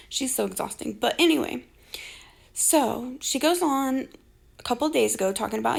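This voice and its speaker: A high-pitched woman in her forties talks through online drama with sarcasm and a heavy gravelly fry. She sounds exasperated and keeps slipping into mocking impressions of the people she describes. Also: moderate pace. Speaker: social media commentator. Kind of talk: gossip commentary.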